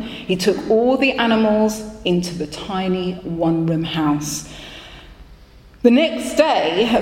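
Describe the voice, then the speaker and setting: Slow, expressive woman telling a story. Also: medium pitch. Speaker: storyteller in a worship service. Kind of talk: told story. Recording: echoey hall with long reverb.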